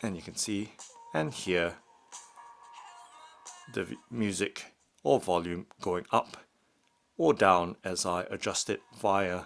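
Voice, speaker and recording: Slow, methodical man demonstrating headphones. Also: lowish voice, creaky, fairly bright tone. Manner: slow, methodical step-by-step narration. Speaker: product reviewer. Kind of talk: unboxing demonstration narration.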